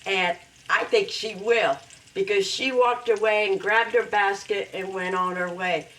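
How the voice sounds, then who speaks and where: A woman hosting a home cooking video, talking through her recipe in a slow, heartfelt way and breaking into loud whooping cheers. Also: mid-range voice, steady tone, far from the mic, rough recording. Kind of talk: casual cooking demonstration. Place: home kitchen with food frying.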